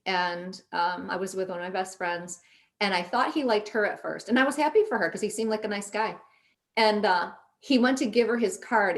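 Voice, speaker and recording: A middle-aged woman telling a personal story in a casual chat, animated and quoting herself and others as she goes. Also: medium pitch. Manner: animated, quotes herself in lively voices. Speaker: podcast guest.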